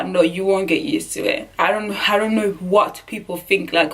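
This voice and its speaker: Young woman vlogging a personal story, kinda low voice, a bit far from the mic, earnest and emotional, keeps restarting her sentences. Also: steady tone, a little fast, hardly any pauses. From Burundi.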